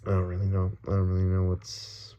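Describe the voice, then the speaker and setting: A man's voice: low voice, completely flat delivery, a little fast, dark tone, highs cut off. A young man from the Dominican Republic ranting casually about politics, rambling with many restarts, swearing and nervous laughs. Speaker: vlogger.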